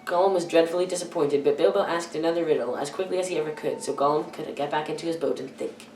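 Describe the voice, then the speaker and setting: A teenage girl reading a children's novel aloud, careful and halting, often stumbling and correcting herself. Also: deep voice, a little mellow, a little hiss or hum. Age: teens. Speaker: youth reader. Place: church hall. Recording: echoey room, far from the mic.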